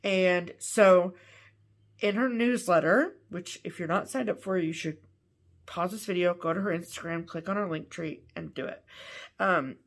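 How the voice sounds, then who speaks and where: A woman's voice: fairly low pitch, unhurried. Gushing woman sharing cross-stitch finds. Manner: gushing, enthusiastic. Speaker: co-host of a cross-stitch show. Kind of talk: casual show-and-tell chat.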